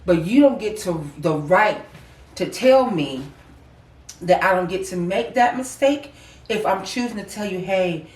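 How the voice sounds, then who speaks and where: A woman's voice: mid-range voice, expressive, a little slow, darkish tone, far from the mic. A woman co-hosting a casual heartfelt chat, talking emphatically and repeating herself to make her point. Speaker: co-host. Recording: roomy, off-mic sound.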